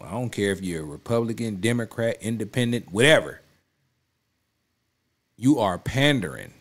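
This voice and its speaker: Low-voiced man giving emphatic commentary. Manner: emphatic, repeats himself, keeps saying "you know what I'm saying". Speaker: reaction video host. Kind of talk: casual spoken commentary.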